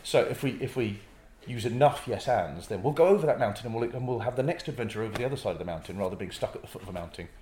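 A man's voice: lowish voice, lively intonation, very fast, hardly any pauses, a little mellow, slight background noise. A man who performs improv comedy, chatting in an interview and acting out little scenes as he explains. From North East England. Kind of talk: casual interview chat. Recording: echoey room.

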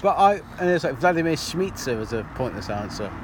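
A man's voice: a little high, very animated, fairly quick, noisy background. A man co-hosting a casual podcast chat in a pub, swearing freely and laughing often. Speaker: podcast co-host.

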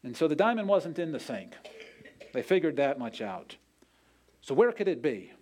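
A man's voice: fairly high pitch, sing-song, moderate pace, darkish tone, a little hiss or hum. A man preaching a sermon, telling a story in an earnest way and acting out the quoted voices. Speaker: pastor.

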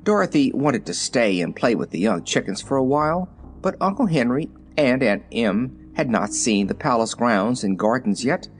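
A man narrating a children's storybook in an expressive, measured reading. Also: medium pitch, faint music behind. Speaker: audiobook narrator.

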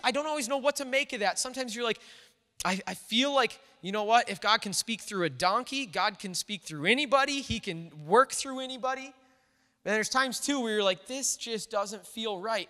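A man's voice: high-pitched, pushed and bright. A man pastor preaching a sermon in a church, talking in a conversational way and thinking aloud with the congregation. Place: church sanctuary. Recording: long reverb of a church hall.

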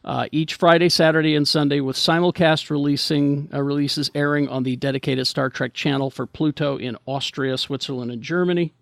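A slightly high-voiced American man with a gravelly edge talks through a casual podcast chat. He rambles and restarts his sentences often. The sound is close and dry. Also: fairly even intonation, a little fast, few pauses, no room sound. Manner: rambling, hesitant with many restarts. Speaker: podcast host.

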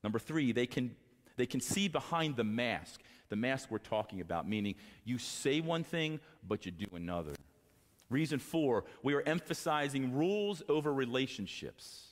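A male pastor preaching a sermon to fathers, impassioned, moving from quiet talk to raised exhortation. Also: medium pitch, lively intonation, normal speed, big-room sound. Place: church sanctuary.

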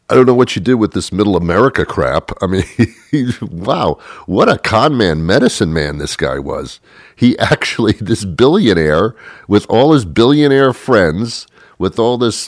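A man's voice: deep voice, no room sound, studio quality. A man hosting a show, delivering a sarcastic political monologue and chuckling often as he mocks. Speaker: political commentary host.

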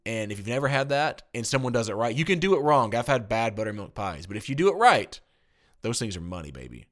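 A man's voice: mid-range voice, very animated, fast, a bit bright. A man from Tennessee co-hosting a casual chat, joking and reading out listener comments. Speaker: podcast co-host.

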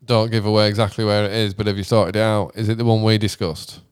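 A British man in loose podcast chat, his low voice smooth and resonant. He swears freely and lets his sentences trail off and restart. The sound is dry and close, with no room around it. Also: little pitch movement, fast, dry recording. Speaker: podcast co-host, musician. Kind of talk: casual chat.

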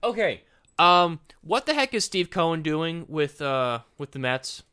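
Man, podcast co-host, bright tense voice, animated, stumbling restarts. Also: fairly high pitch, a little slow, clean tone. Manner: animated, repeats and restarts words. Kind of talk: casual opinion chat.

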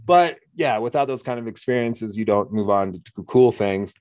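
A middle-pitched American man swaps travel stories in loose, easy chat, hamming up the voices of people he quotes. His voice is recorded close and dry. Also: lively intonation, moderate pace, darkish tone, no room sound. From United States. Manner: jokey storyteller, acts out quoted voices. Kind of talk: casual conversation.

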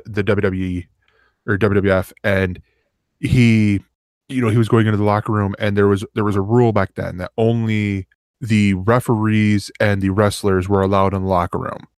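A man with a lowish voice tells a rambling story in casual podcast chat. The sound is close and dry, with no room echo. He acts out the quotes as he goes. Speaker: podcast co-host.

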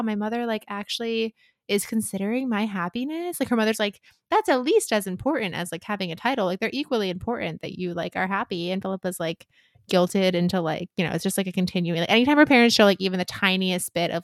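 A woman's voice: mid-range voice, no echo. A woman recapping a book in casual chat, rambling with many "like"s and acting out quotes, with a dry close mic.

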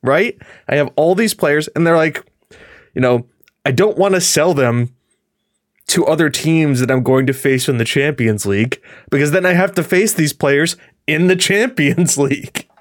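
A man's voice: a little high, moderate pace, no room sound, clean studio sound. Man chatting animatedly on a podcast. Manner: rambling, animated, laughs often. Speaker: podcast host. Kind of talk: casual chat.

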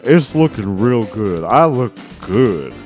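A man doing a slow, bragging basketball star. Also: mid-range voice, very animated, darkish tone, soft background music. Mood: boastful. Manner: slow, self-satisfied bragging. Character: boastful big-shot celebrity basketball star. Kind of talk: comedic game role-play.

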